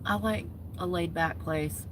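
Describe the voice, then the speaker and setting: A young woman, chatting casually to camera as a vlogger, gossipy and animated. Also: on the low side, a little slow, background noise. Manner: chatty, gossipy, talks with her hands in words like "y'all" and "homegirl".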